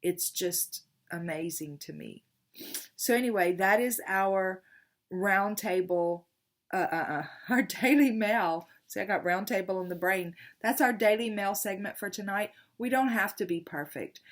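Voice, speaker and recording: A woman's voice: mid-range voice, measured pace. An older woman chats with her viewers as a tarot reader. She rambles in a loose, affectionate way and restarts her sentences often. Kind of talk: casual chat to viewers.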